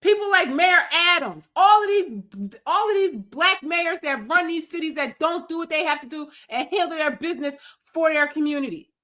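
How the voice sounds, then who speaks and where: A woman's voice: very high-pitched, animated, moderate pace, hardly any pauses, sharp tone. A woman streamer giving heated, scolding political commentary in an emphatic rant. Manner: angry, scolding, emphatic rants.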